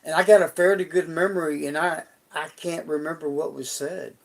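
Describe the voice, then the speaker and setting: Gravelly-voiced man telling a rambling story. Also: fairly high pitch, fairly even intonation, normal speed. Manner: folksy, rambling, with frequent restarts. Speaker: live streamer. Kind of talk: personal storytelling on a live stream.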